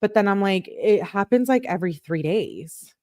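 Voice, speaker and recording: A woman's voice: mid-range voice, normal speed, no echo. A woman commentator on a livestream, reading out text messages and breaking in with exasperated asides. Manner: reads both sides of the texts in a flat reading tone, breaks in with exasperated asides. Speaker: true crime commentator on a livestream.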